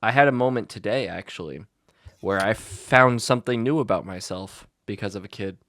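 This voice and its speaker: A young adult man, a teacher and podcast co-host, telling a school story in blunt, animated casual chat with many likes and restarts. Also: on the low side, moderate pace.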